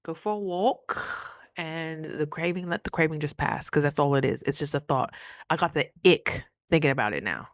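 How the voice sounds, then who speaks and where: Chatty woman vlogging to her cam, calls everyone baby, pops up high for quotes, dry close sound. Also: moderate pace, no echo. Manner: lively, jumps high for quoted voices. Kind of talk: casual talk to camera.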